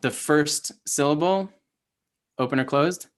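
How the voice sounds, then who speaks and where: A man's voice: a little high, unhurried, clean tone. A man teaching an online class, explaining step by step, quizzing his learners and using many fillers. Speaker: Hebrew teacher.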